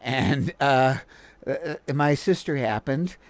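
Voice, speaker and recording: An American man hosts a live stream and comments on a clip in a loose, rambling way. He stops, restarts and fills the gaps with ums. His voice sits at an ordinary middle pitch. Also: slow, no echo. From United States. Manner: rambling, full of fillers and restarts. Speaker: livestream host reacting to a video. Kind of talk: casual commentary.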